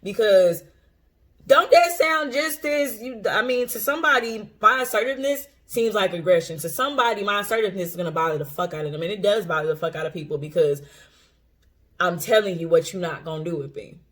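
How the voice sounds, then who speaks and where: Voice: mid-range voice, fairly quick, a bit bright. An intuitive coach talking casually to camera, blunt and profane, repeating phrases for emphasis and laughing often. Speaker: intuitive coach and tarot reader. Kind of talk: casual unscripted monologue to camera.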